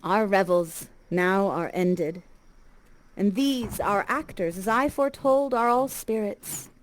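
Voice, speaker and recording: A woman playing Prospero, slow solemn sorcerer. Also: medium pitch, slight background noise, natural voice, rough recording. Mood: wistful. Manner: slow, measured, theatrical delivery. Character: Prospero, aging male sorcerer, solemn and wistful. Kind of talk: Shakespeare verse recitation. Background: background music.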